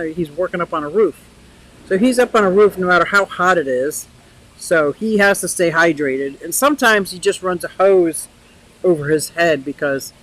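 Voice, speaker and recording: A woman's voice: lowish voice, fairly bright tone, poor audio. An older woman hosting a casual live chat outdoors by a pond, talking freely, laughing often and answering viewers' comments. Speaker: livestream host.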